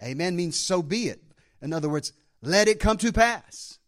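A male pastor preaching to his congregation, his voice rising and falling in lively swings. He pitches slightly higher than most men and leans hard on his points, punctuating them with amens and praise. It sounds like a live church service. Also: moderate pace. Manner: emphatic preaching with frequent amens and praise calls. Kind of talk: sermon.

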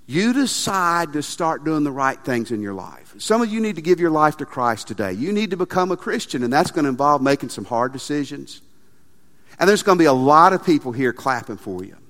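A man preaching a sermon as pastor, animated and emphatic, often repeating his phrases. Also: fairly high pitch. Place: church sanctuary. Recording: long reverb of a large hall.

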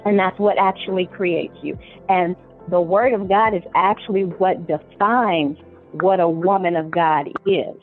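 A woman's voice: lowish voice, steady tone, measured pace, faint music behind. Earnest woman on a phone-like line. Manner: earnest, encouraging, occasional restarts. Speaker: niece, guest speaker. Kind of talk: faith talk, preaching.

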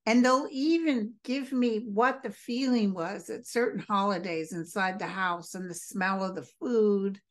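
A woman's voice: mid-range voice, fairly bright tone. A woman co-hosting a podcast, chatting in a supportive, reflective way. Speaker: podcast co-host. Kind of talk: casual chat.

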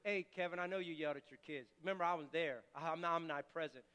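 A loving, fatherly God, as a preacher speaks for him, tender and reassuring in a soft voice. The tone is smooth and clear, with a long reverb trailing after. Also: fairly high pitch, quick pace, pitched below the performer's own voice.

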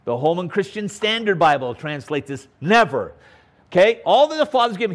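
A man's voice: high-pitched, sing-song, normal speed. A man preaching a verse-by-verse Bible teaching sermon, stressing key words and often checking in with "okay?". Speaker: pastor.

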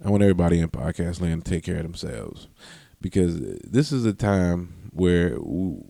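Low-pitched and expressive, this man's gravelly, dark voice comes through clean studio sound with no echo, at a moderate pace. Hosting his podcast alone, he is long-winded, interrupts himself often, and laughs and swears along the way.

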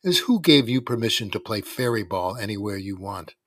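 A man voicing a cocky teenage boy bully who taunts the younger kids in a smug, drawn-out way. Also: fairly low pitch, expressive, a bit bright, dry recording, clean studio sound, distant mic. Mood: smug taunting.

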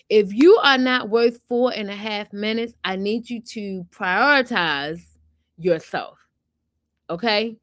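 A woman's voice: mid-range voice, no room sound, studio quality. A woman hosting a motivational podcast, coaching listeners in a chatty, encouraging way and calling them honey and girlfriend. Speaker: podcast host and weight-loss coach.

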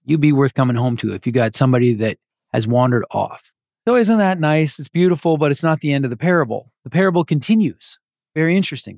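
A man's voice: mid-range voice, darkish tone, dry recording, clean studio sound. A man preaching a sermon as a pastor, earnest and conversational with casual asides.

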